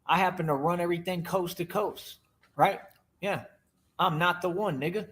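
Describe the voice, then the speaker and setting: A man's voice: sits high, normal speed, fairly bright tone, slight background noise. Boastful man taunting his viewers. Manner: boastful, taunting, repeats "right?". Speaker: streamer in a reacted clip.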